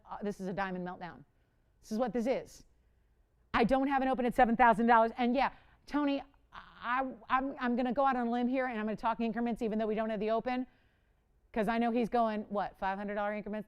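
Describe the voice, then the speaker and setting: Chatty, higher-voiced woman hosting a live auction. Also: smooth. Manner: animated, chatty, talks to callers and crew; dramatic, playful self-mocking. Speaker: live shopping host. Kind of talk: live jewelry auction selling. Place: TV studio.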